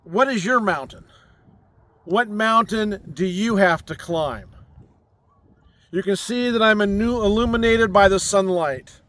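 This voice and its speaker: A man delivers an inspirational spiritual message outdoors on a mountain. His voice sits high and he speaks very slowly. He leans on gentle, repeated affirmations. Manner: slow, soothing, repetitive affirmations. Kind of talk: inspirational sermon. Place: outdoors on a mountain overlooking a city.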